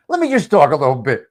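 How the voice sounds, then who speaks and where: A man hosting a live stream, answering viewer comments in a blunt, profane, repetitive rant. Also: a little high. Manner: blunt and fired up. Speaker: live-stream show host.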